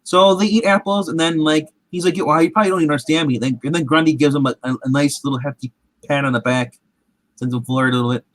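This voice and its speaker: A man's voice: a little high, fairly even intonation, fast talker, dry recording, low-quality recording. A man recapping a show in casual, rambling chat, acting out quotes in different voices. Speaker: comic show recap host.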